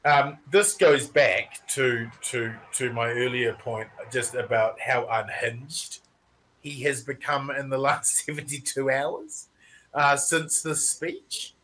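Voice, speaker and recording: A man's voice: medium pitch, steady tone, slow pace, bright, forceful tone, slight background noise, poor audio. A man with a New Zealand accent co-hosting a casual political chat, exasperated and rambling, laughing in disbelief. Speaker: podcast co-host.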